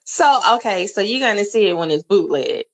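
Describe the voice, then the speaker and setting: Lively reactive podcast woman. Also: medium pitch, poor audio. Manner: reactive, quick questions and comments. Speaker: podcast co-host. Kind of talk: casual chat.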